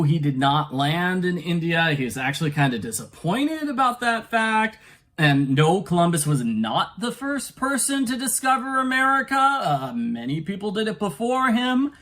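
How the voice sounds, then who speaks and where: A man's voice: fairly high pitch, a bit bright. Stammering man reviewing a book. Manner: stammers and repeats words, chuckling asides. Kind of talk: casual spoken book review.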